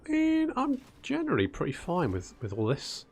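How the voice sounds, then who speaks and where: With a high-pitched voice and huge pitch swings, a gaming channel host plays a casual strategy game at a moderate pace. He chats and murmurs to himself throughout, calling his units "buddy."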